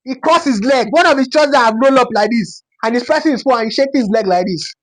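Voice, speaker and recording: A storytime vlogger, a young Nigerian adult with a Yoruba-inflected accent, speaks fast in a high-pitched voice. She tells a personal story casually and dramatically, repeating phrases for effect.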